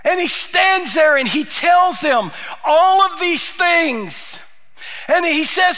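Pastor type, man, very high and sharp voice, lively sermon storyteller who gets loud. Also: slow. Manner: animated storytelling preacher, often raising his voice, frequent "uh" fillers.

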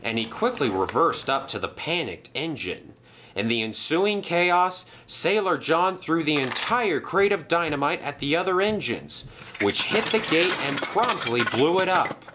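Young man, storybook narrator, animated, dramatic, unhurried. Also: on the high side, a little hiss or hum. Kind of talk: storybook narration of a toy train film.

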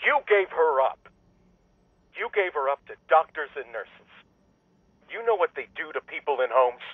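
An actor playing a resentful adult son who speaks in clipped, accusing lines over the phone. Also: male voice, on the high side, very animated, moderate pace, slightly rough, no echo. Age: adult son with kids. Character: bitter grown son, cold and accusing. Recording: dry tinny phone line.

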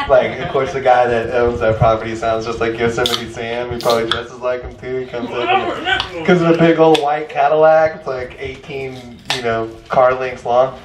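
A man's voice: medium pitch, lively intonation, normal speed. A man hosting a live music night, rambling and joking at his own expense. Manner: rambling, joking, self-mocking. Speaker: host. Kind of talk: live show emcee banter. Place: library event space with live crowd. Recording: roomy live sound, mic at a distance, crowd noise.

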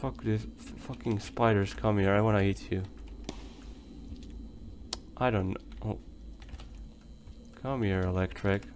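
A man's voice: on the low side, steady tone, slow, pauses often, a little mellow, a little hiss or hum. A young man giving rambling let's play commentary as he plays, talking to himself and swearing when things go wrong. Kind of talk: game commentary.

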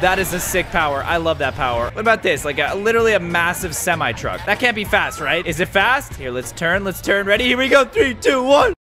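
A young man giving energetic gameplay commentary as a YouTuber, excitable and quick to shout and laugh. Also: high voice. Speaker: gaming YouTuber. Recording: background music under voice.

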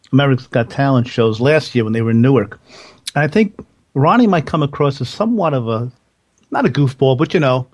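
A man's voice: mid-range voice, darkish tone. Chatty male podcast host. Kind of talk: podcast interview.

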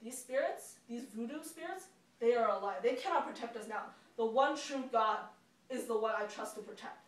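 A woman playing an earnest village wife who asks questions and stands firm in her faith, in a children's story. The voice is a little high and heard from afar in an echoing room. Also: expressive, normal speed, natural voice. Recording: echoey room from far off.

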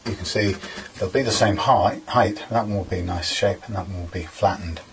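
A man's voice: low-pitched, normal speed, gravelly, background noise. A man casually talking through guitar fret work in a workshop, rambling with many fillers as he explains each step. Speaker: guitar repairer.

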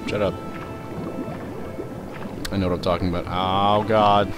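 Low-voiced young man narrating his gameplay. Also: flat delivery, measured pace, pauses often, music in the background. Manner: rambling, swears, reacts loudly to the game. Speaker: let's play host. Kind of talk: casual gameplay commentary.

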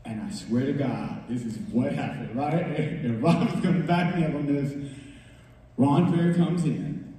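Lively male storyteller, somewhat higher voice, heard from a distance in a reverberant room. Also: a little slow. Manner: lively, acts out quotes with voices, laughs often. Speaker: music producer telling a story. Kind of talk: animated storytelling on a talk show. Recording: echoey hall, voice far from mic.

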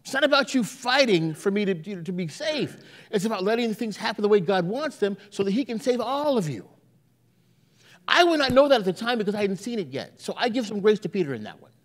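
Guy preaching in church, kinda high voice, tells stories and acts out the voices. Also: a little fast. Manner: animated storytelling with acted-out quotes. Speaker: pastor. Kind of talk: sermon.

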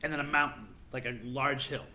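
Casting: playful male podcast host, bright tone, storytelling legends casually. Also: medium pitch, fairly quick, slight background noise. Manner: animated storyteller, playful and teasing. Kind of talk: casual chat, telling legends.

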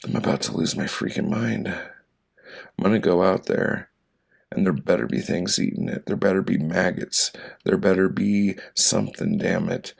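A man reading his own poems aloud for an audiobook, with a dry, deadpan delivery and slow pauses between short lines. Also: low-pitched, gravelly, husky.

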